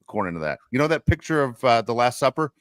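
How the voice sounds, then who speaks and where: A man's voice: medium pitch, very animated, fast talker, a bit bright, no room sound, studio quality. An older man co-hosting a podcast, telling rambling, self-mocking jokes in casual chat. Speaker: podcast co-host.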